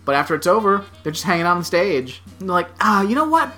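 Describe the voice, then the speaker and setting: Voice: mid-range voice, sing-song, fast talker, bright, forceful tone, faint music behind. A podcast co-host in casual comedic chat who laughs often, swears freely and quotes characters in offhand voices.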